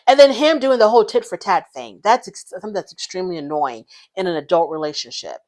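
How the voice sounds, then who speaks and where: A woman's voice: lowish voice, expressive, fast talker, darkish tone. A woman giving casual, opinionated commentary on a reality show, frank and blunt.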